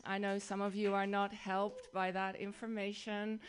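A woman from the Netherlands with a Dutch accent, performing a wry, deadpan stand-up set on a club stage and laughing at her own jokes. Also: mid-range voice, normal speed, slight background noise. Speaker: stand-up comedian.

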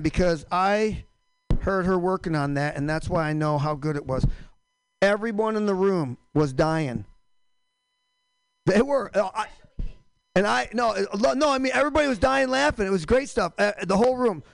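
A man's voice: sits high, lively intonation, normal speed, creaky, smooth, no echo, low-quality recording. A man hosting a stand-up comedy show in a small room, rambling and profane, often cutting himself off. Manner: rambling, self-interrupting, profane.

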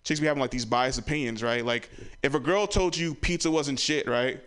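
A man's voice: brisk, smooth. Man doing stand-up storytelling. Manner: storytelling, acts out relatives with loud high voices. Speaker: stand-up comedian. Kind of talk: stand-up set.

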